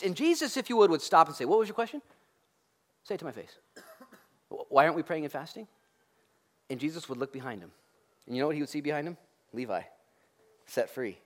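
A male pastor delivers a lively sermon, his fairly high voice swinging widely from hushed, low asides to loud, climbing peaks. He jokes with the congregation and acts out the lines of the people in the story. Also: a little fast, pauses often. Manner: lively, joking preacher acting out quoted voices.

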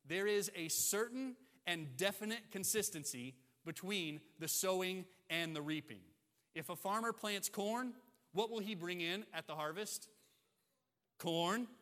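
A man's voice: high voice, sharp tone. A man preaching a sermon as pastor, emphatic and repeating key phrases for emphasis. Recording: long hall reverb.

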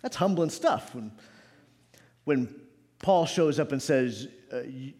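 A man preaching a sermon in a church, swinging between loud shouts and quiet low asides. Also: animated, slow pace. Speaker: pastor. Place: church sanctuary.

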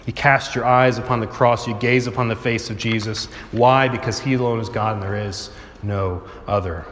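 A young man preaching a sermon, swinging from urgent, rising pleas down to low, soft appeals. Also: steady tone, normal speed, slight background noise. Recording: echoey hall.

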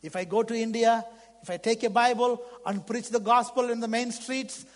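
A male preacher with a very high-pitched voice delivers a fervent sermon, his phrasing plainly non-native. He surges loud, then drops to near a hush. The sound rings with the long reverb of a large church hall. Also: fairly even intonation, moderate pace. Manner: fervent, swinging from loud to hushed.

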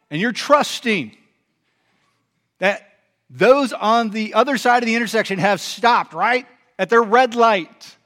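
A pastor preaching in a high voice. He speaks to his listeners in an easy, conversational way, but he presses points hard. He often throws questions out to them. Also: a bit bright. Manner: conversational, emphatic, rhetorical questions. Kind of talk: sermon.

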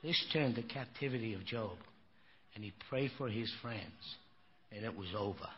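A man's voice: fairly low pitch, moderate pace. An older man preaching a sermon, telling stories in a folksy, emphatic way and often saying "you know.". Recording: dull lo-fi recording with faint noise.

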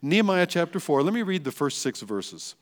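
A man's voice: a little high, very animated, brisk. A man pastor giving a sermon, earnest and emphatic, full of rhetorical questions and repeated phrases. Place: church sanctuary. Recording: long church reverb.

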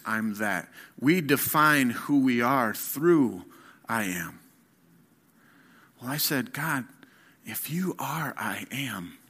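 Male preacher, sermon; slow, forceful, bright tone; hushed lows to loud urgent peaks. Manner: emphatic, swings from soft near-whispers to loud rising appeals; slow, deliberate delivery.

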